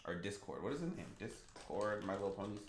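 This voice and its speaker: A man's voice: fairly low pitch, lively intonation, brisk, background noise. A man in his thirties, a gaming streamer chatting casually and rambling with lots of "like" and restarts. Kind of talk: casual livestream chat. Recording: echoey room.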